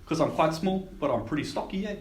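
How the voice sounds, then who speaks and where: A man's voice: fairly high pitch, expressive, fast talker, natural voice. A man doing a chummy stocky little adventurer. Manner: laid-back, chummy, slangy. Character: small stocky cheerful male adventurer. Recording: echoey room heard from a distance.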